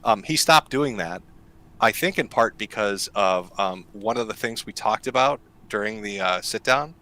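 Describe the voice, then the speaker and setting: A man with a low-set but bright, forceful voice, chatting casually. He talks loosely, full of fillers, and often breaks into a laugh. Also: animated, moderate pace, poor audio. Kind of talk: casual chat.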